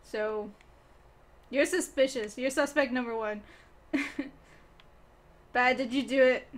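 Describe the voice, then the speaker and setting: Giggly high-voiced young woman streamer. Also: slow pace, pauses often. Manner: giggly, playful, talks to chat and teammates. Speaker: gaming streamer. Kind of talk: casual gameplay commentary.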